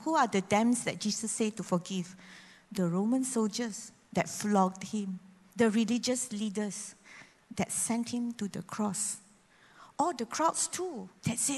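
A woman preacher, giving a sermon and acting out quoted voices with sudden loud bursts. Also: fairly high pitch, a little slow. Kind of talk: sermon with prayer. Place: church hall. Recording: long hall reverb.

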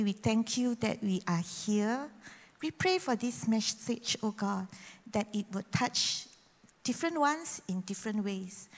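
A woman preacher, giving a sermon and acting out quoted voices with sudden loud bursts. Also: a little high. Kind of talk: sermon with prayer. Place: church hall. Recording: long hall reverb.

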